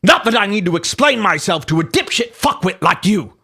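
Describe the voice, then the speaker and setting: A man's voice: high voice, big pitch swings, brisk, gravelly, husky, pitched above the performer's own voice, heavily acted. A man reading a hot-headed British man's posts in a put-on British accent, furious and insulting. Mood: indignant. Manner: indignant, shouting insults.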